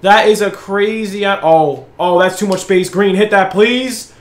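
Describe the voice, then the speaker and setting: High-voiced excitable young gamer. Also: male voice, measured pace, few pauses, reverberant. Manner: excitable, hypes his own plays, groans at misses. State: out of breath. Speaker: gaming channel host. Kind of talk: live gameplay commentary.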